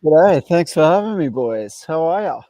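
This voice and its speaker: A man's voice: on the high side, expressive, normal speed, dark tone, no echo. An Australian man calling in to a live stream show, talking in a friendly, easygoing way. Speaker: guest caller. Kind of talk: casual call-in chat.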